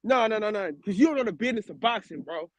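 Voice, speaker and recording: A man's voice: sits high, expressive, fast. A man co-hosting a boxing talk show, arguing heatedly, repeating himself and talking over the others with plenty of swearing. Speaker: podcast co-host. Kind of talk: heated casual argument.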